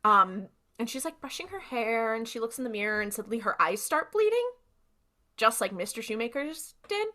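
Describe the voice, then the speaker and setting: A young woman co-hosting a podcast, recapping an episode in casual chat and acting out characters in quick asides. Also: on the high side, very animated, bright, forceful tone. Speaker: podcast co-host.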